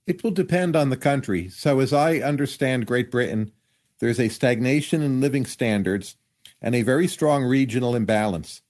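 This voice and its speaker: Measured analytical man, middle pitch. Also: darkish tone. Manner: measured, analytical, hedging with hypotheses. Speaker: economist guest. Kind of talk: podcast interview answers.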